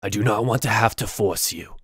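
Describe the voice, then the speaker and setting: A man voicing a stern male orc shaman in a tabletop game, speaking slowly and threateningly. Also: on the low side, a bit bright, breathy edge, no room sound, clean studio sound. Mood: menacing. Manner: slow, measured and threatening.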